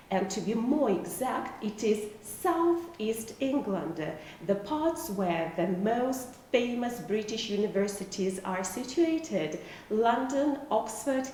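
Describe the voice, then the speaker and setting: Woman lecturer, Russian native speaker, slow and halting, lively rising and falling pitch, voice far from the mic in a very echoey room with faint noise. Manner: slow, careful explaining with frequent hesitations. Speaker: university lecturer. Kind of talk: video lecture.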